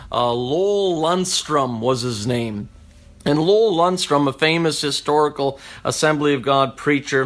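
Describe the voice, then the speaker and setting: Man, personal testimony, higher-pitched voice, reflective, halting restarts. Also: a bit bright. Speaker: speaker giving a personal testimony.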